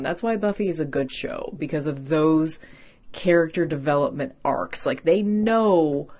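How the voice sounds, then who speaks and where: Low-voiced woman chatting a casual recap. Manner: chatty, profane, heavy use of "like". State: tired after a workday. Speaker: podcast host.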